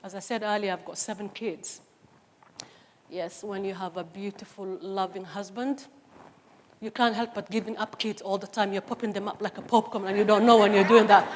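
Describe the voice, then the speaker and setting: A woman's voice: medium pitch, fairly even intonation, normal speed, a little hiss or hum. A woman in her forties with a Somali accent, giving an earnest, emphatic personal testimony on stage with humorous asides. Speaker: speaker. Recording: long hall reverb on stage.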